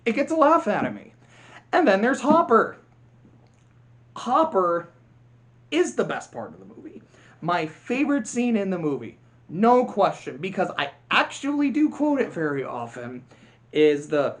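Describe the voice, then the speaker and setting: A vlogger talking straight to the camera in a casual, chatty way. The delivery is eager and animated, and the pitch swings up and down in a lively way. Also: unhurried, long pauses. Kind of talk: casual chat. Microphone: camera mic.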